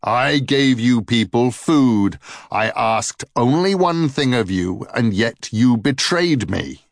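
A man voicing a stern, wrathful male thunder god in a storybook reading, speaking slowly and commandingly. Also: animated, no echo, studio quality. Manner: booming and slow, commanding.

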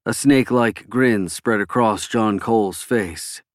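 A man narrating a political novel in a measured, even reading. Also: lowish voice, no room sound, studio quality. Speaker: audiobook narrator. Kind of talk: scripted narration.

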